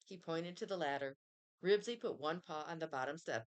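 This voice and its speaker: A woman reading a children's chapter book aloud in an expressive storytelling manner. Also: deep voice, moderate pace. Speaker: reader.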